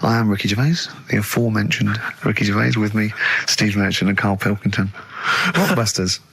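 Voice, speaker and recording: Animated man hosting a radio show. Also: lowish voice, a little fast, gravelly, slight background noise. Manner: animated storyteller who mimics his friends. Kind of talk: casual radio banter. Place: radio studio. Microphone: studio microphone.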